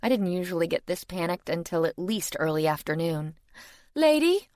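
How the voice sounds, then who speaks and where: A woman's voice: fairly low pitch, fairly even intonation, a little fast, darkish tone, no echo, studio quality. A woman narrating a first-person fantasy audiobook in a wry, exasperated tone.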